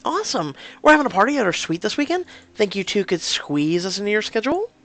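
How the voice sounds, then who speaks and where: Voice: mid-range voice, sing-song, fast, fairly bright tone, soft background music, voice pushed up. A reader voicing an outgoing, chatty young college woman in a story game, bubbly and eager.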